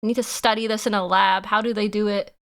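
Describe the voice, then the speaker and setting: A young woman streamer chatting casually with her viewers, giggly and animated, laughing often. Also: mid-range voice, quick pace. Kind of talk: casual live-stream chat.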